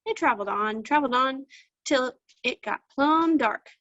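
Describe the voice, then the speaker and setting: A woman storyteller tells a folktale in homespun, folksy country phrasing. Her voice sits a little high, and the sound is dull and dry, as if over a video call. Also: lively intonation, moderate pace, a bit bright, no echo.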